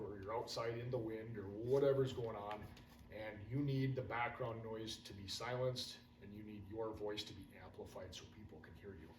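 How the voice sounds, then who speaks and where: A man giving casual, hands-on radio training to firefighters, folksy and drifting into stories. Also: on the low side. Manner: casual, folksy, wanders into anecdotes. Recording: roomy, distant, faint room hum.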